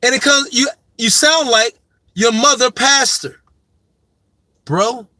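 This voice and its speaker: A man's voice: very high voice, takes it slowly, pushed and bright, no room sound. A man giving a profane, emphatic sports opinion monologue, lecturing his subject and hammering his point home by repeating it. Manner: repeats his main point with heavy stress. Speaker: sports commentator.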